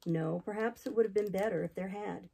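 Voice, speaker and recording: A chatty old innkeeper rambles through a grim tale, solemn yet eager to tell it all, with a woman reading him aloud. The voice is warm and low-toned, with a gravelly, husky grain. It comes from a classic novel audiobook. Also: fairly quick, low-quality recording. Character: gossipy older male innkeeper, talkative and solemn.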